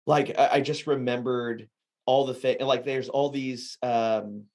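A man's voice: mid-range voice, fairly even intonation, a little slow, darkish tone. A man hosting a casual podcast interview, talking in a rambling way with lots of filler words. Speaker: podcast host.

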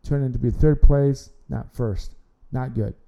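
A man's voice: mid-range voice, fairly even intonation, measured pace, gravelly, dark tone, lo-fi sound. A man hosting an amateur sports podcast, talking casually and rambling, often repeating words and restarting his sentences. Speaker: podcast host.

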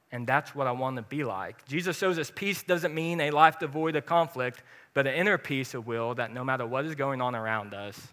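Bright, animated male preacher. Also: medium pitch. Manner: earnest, animated, personal and joking. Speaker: pastor. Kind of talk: sermon.

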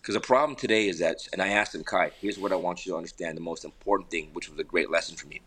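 Low-voiced man telling animated stories. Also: quick pace, slightly rough. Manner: animated storyteller, repeats words and restarts often. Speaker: podcast guest, entrepreneur and father. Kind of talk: casual conversational interview. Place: home in an air park community. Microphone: remote call.

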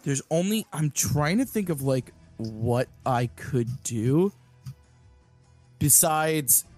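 Player, male, high voice, halting table talk, faint music. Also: animated. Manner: halting, thinks aloud, bursts into shouted character lines. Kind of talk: tabletop role-play banter.

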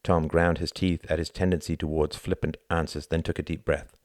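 A man reading a novel aloud as narrator in a measured, even storytelling manner. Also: a bass voice, no room sound, clean studio sound. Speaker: audiobook narrator. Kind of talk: scripted narration.

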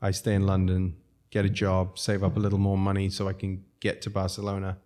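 Deep and dark, this South African man's voice comes out completely flat and brisk. As a restaurateur guest he tells long, rambling stories casually, breaking into chuckles and interrupting himself.

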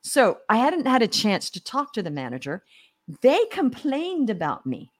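A middle-aged woman, a podcast guest, telling personal stories in a lively way, acting out what people said and often restarting her sentences. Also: on the high side, normal speed. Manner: animated storyteller acting out quoted voices, many restarts. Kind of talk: casual storytelling in a podcast interview.

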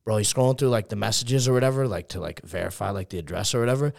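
Fast-talking young Texan man telling a story. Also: on the low side, vocal fry, darkish tone. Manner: fast rambling anecdote full of fillers and profanity. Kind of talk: casual storytelling chat.

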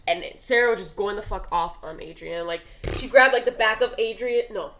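A woman's voice: medium pitch, normal speed, fairly bright tone, slight background noise, poor audio. A young woman casually retelling a true crime story, rambling with lots of "like," swearing freely and acting out what people said. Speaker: podcast co-host telling a true crime story.

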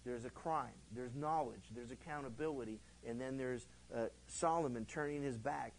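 A male pastor teaching verse by verse through a Bible book in a conversational, animated way, acting out the quotes he tells. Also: mid-range voice, normal speed, gravelly, a little hiss or hum, rough recording.

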